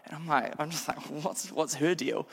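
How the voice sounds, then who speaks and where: A man with a New Zealand accent preaching a sermon as a lively, self-deprecating storyteller. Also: on the high side, moderate pace, creaky, husky. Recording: long hall reverb.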